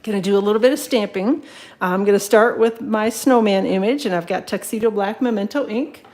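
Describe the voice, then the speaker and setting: A woman's voice: medium pitch, brisk, a little mellow, low-quality recording. A woman demonstrating card making in a live home tutorial, chatting casually with many fillers and greeting viewers as they join. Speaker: craft demonstrator. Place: craft room at home.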